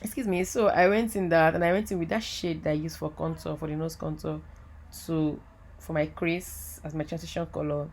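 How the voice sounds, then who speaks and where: A woman giving a chatty, excitable voiceover for a makeup tutorial, talking straight to her viewers. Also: deep voice, moderate pace. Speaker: makeup artist. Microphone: voiceover mic.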